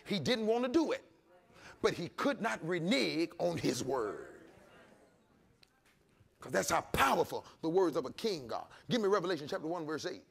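Male pastor, lively swooping preaching, calls for responses. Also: fairly high pitch, normal speed, vocal fry, breathy edge. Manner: preaching with shouts and call-and-response. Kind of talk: sermon.

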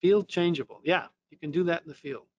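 New England male trainer, slightly high voice, casual explainer with fillers. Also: a little fast, muffled recording. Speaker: technical trainer. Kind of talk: technical lesson.

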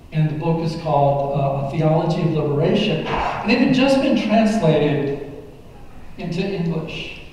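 A man in his sixties giving a personal testimony sermon in a church, halting with many fillers and restarts. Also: on the high side, mellow. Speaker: preacher. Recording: echoey hall, voice from a distance.

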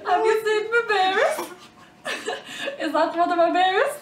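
A woman voicing a frantic man hunting for his berries, in a high, whiny voice. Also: measured pace, roomy sound, recorded from a distance, a little hiss or hum.

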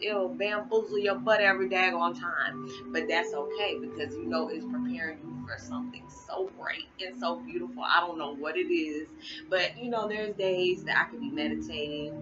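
A tired middle-aged woman chatting casually to her viewers, colloquial and quick to laugh. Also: deep voice. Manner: chatty, laughs often, colloquial Southern-leaning speech. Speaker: spiritual vlogger. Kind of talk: casual chat to camera. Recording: muffled with noticeable background hiss.

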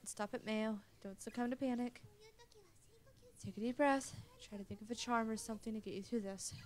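A woman's voice: fairly high pitch, lightly acted. A woman voicing a frightened teenage schoolgirl who talks herself through panic.

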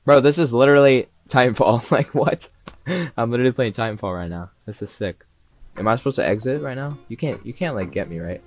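A young man doing live commentary on a horror game, excitable and swearing freely, talking straight to the characters and breaking into sudden yells. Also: medium pitch, brisk. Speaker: streamer. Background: faint game music.

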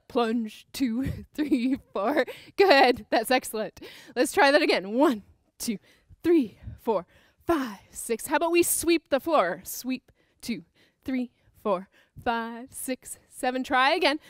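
A woman's voice: high voice, lively intonation, slow, few pauses, no echo, clean studio sound. A woman teaching a creative movement dance class for children, upbeat and encouraging as she counts out the moves. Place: dance studio with a piano.

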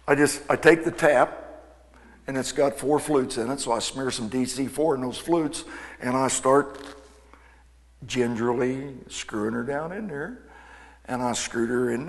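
Man, folksy storyteller, acts out dialogue, average pitch, long reverb of a hall. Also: creaky. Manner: folksy, animated anecdote-telling with quoted dialogue. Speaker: aircraft mechanic and speaker. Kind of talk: storytelling talk to an audience. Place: event hall.

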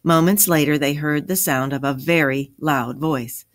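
A woman reading a story aloud for a children's lesson, with an expressive, clear delivery. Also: deep voice, measured pace, no room sound, clean studio sound.

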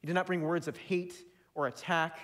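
A young man delivering a sermon in a fairly high voice. He speaks earnestly, with a build toward fervent, pressing emphasis. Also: fairly even intonation, moderate pace, fairly bright tone. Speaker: preacher.

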